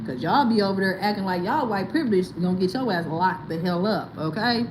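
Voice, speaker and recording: A woman's voice: mid-range voice, brisk, noisy background. A woman host, talking bluntly and animatedly, reacting to viewer comments in casual commentary. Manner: blunt, animated, swearing and laughing. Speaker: livestream host.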